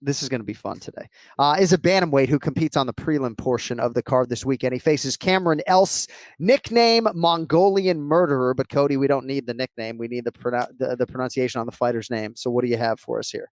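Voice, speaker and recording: Fast-talking male podcast co-host. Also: mid-range voice, no room sound. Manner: quick, animated talk with laughs. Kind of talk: casual chat.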